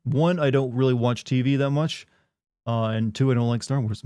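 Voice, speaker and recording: A man's voice: medium pitch, moderate pace, warm tone, clean tone, dry recording, studio quality. A man streaming a game, chatting casually with viewers in a rambling, sardonic way. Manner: rambling, sardonic, many "like" fillers.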